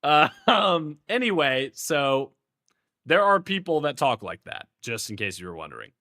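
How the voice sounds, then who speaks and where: A man's voice: on the high side, sing-song, normal speed, bright, forceful tone. A playful, goofy young man with a Houston accent, chatting casually with his stream viewers in heavy slang and laughing often.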